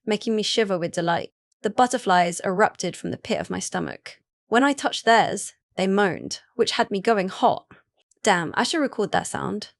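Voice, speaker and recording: A woman reads a first-person romance story aloud as an audiobook. Her voice sits at a middle pitch, and her delivery is even and unhurried. The recording is dry and close, with almost no room sound. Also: vocal fry, no room sound. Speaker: narrator.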